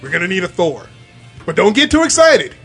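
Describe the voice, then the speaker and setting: A high-pitched man talks through a joke pitch in a casual comedy chat. He delivers it playfully, in a mock-serious tone. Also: wildly swooping pitch, a little fast, fairly bright tone, breathy edge, soft background music.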